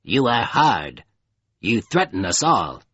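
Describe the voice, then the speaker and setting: A man voicing a fearful, pleading creature of living mud in an audiobook, with a cold, dusky, halting voice. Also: lowish voice, sing-song, bright, forceful tone, husky, no echo, dull audio, full character voice. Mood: grave. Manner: halting, grave, faltering. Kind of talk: audiobook character voice.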